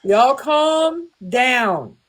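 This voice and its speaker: A woman's voice: high voice, sing-song, very slow. A woman hosting a live stream, blunt and taking charge. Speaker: livestream host.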